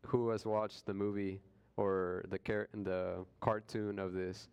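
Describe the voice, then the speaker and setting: A man with a smooth, low voice leads a relaxed Bible study. He retells scripture in casual street language and now and then slips into playful quoted voices. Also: slow pace, lo-fi sound. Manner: conversational, retells scripture in slangy everyday words; acts out quoted voices with jokes.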